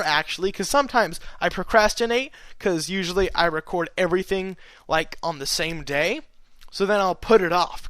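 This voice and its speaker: High, smooth-voiced young man rambling. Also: a bit bright, dry recording. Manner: chatty, meandering, full of fillers and restarts. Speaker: audiobook reader. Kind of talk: rambling author's note.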